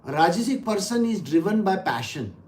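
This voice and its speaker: A woman's voice: lowish voice, very animated, brisk, a little mellow. A woman with an Indian English accent, a spiritual teacher giving a conversational scripture lesson, explaining things in a chatty way with many "you know" and "okay?" tags.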